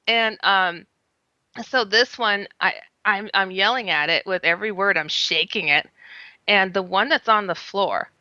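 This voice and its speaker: Bright-voiced woman telling a lively story. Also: mid-range voice, no echo. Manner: lively, laughs often, acts out her own quoted words. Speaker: guest. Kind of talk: animated first-person storytelling. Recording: slightly muffled lo-fi sound.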